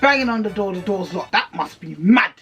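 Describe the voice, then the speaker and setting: A young woman giving a casual, sweary TV recap, animated and laughing as she slips into character voices. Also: mid-range voice, fairly quick, soft background music. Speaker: YouTube reviewer.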